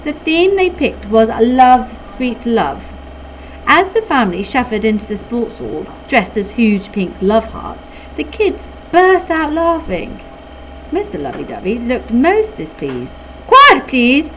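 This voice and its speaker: English lady teacher reading a story to kids, bouncy lively voice, a bit high, silly sound effects. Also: unhurried, a little hiss or hum, poor audio. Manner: expressive, playful, with sound effects. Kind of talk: reading a storybook aloud to a class.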